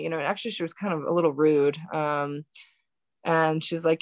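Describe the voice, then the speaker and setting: A woman telling a painful personal story as a podcast guest, halting and full of fillers and restarts, still in shock. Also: low-pitched, little pitch movement, no echo. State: recounting shock and grief. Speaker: birth worker.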